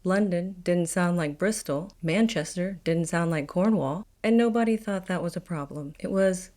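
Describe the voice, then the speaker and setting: A woman with an Appalachian accent hosts a scripted explainer in a slightly low voice. She tells it wryly and confidently, with dry asides. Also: normal speed, warm tone. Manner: wry, confident storytelling. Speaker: video host. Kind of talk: scripted educational narration.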